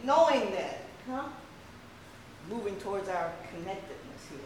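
A woman's voice: medium pitch, expressive, a little slow, darkish tone. An older woman from the American South, with a Southern accent, giving a meditation teaching to a group with playful, laughing asides. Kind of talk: dharma talk to a group. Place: meditation hall. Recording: echoey hall with faint room noise.

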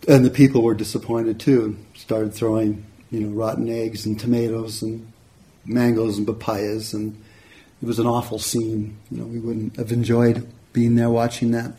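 A man, a meditation teacher, telling a story in a relaxed, conversational dharma talk. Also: fairly low pitch, normal speed. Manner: relaxed, conversational, frequent "you know". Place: retreat center hall.

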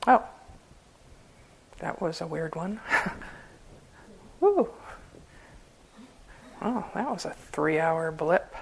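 A woman's voice: deep voice, lively intonation, drawn-out words, gravelly, long pauses, a little hiss or hum, poor audio. A woman giving an informal dharma talk as a Buddhist meditation teacher, conversational and humorous, often breaking into laughter.

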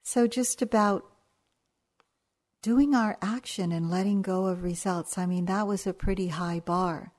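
An older woman giving a dharma talk as a meditation teacher, telling stories in a gentle, unhurried way. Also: medium pitch, steady tone. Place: retreat hall.

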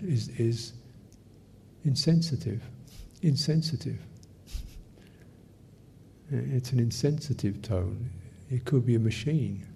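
An older man from England gives an unhurried meditation talk, musing aloud with gentle humor. His voice is mellow and relaxed, at a middling pitch. A faint low rumble sits under the recording. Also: vocal fry. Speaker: meditation teacher answering questions.

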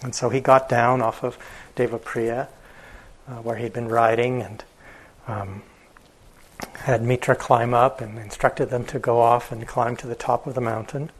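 A male meditation teacher telling a story in a dharma talk, relaxed, with fillers and chuckles. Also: medium pitch, a little slow, rough recording.

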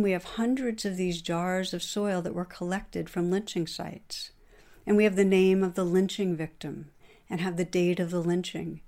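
A middle-aged woman giving a dharma talk as a meditation teacher, in a gentle, earnest storytelling manner. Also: on the low side.

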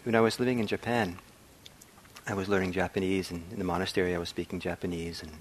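A middle-aged man giving a meditation talk, reflective and soft-spoken, pausing often with ums and restarts. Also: low-pitched, flat delivery, a little hiss or hum. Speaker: meditation teacher. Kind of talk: dharma talk. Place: meditation hall.

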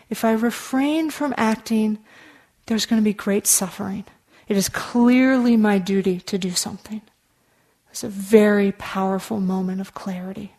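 A woman meditation teacher gives a dharma talk to her students. Her voice sits at an ordinary pitch, and her delivery is earnest and conversational. She pauses on easy fillers and now and then drops into a soft aside.

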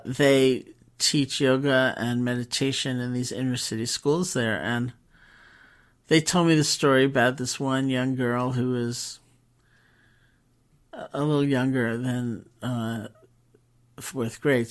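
A woman meditation teacher telling stories in a relaxed, conversational talk, with pauses and fillers. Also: very deep voice. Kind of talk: storytelling talk.

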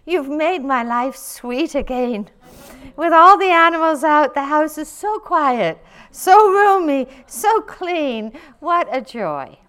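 A woman reading a story aloud, voicing a desperate poor man who pleads and laments loudly. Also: mid-range voice, unhurried, smooth, close to an everyday voice. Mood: overjoyed. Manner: loud, pleading, lamenting outbursts.

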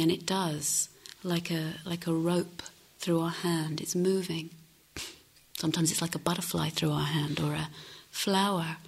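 A middle-aged woman meditation teacher giving a gentle, reflective dharma talk with unhurried pauses. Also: lowish voice, husky.

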